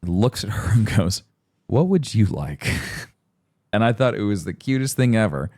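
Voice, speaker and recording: A man's voice: fairly low pitch, moderate pace. A man in his thirties co-hosting a podcast in casual chat, telling stories animatedly and acting out voices. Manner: animated storyteller, acts out voices. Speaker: podcast co-host.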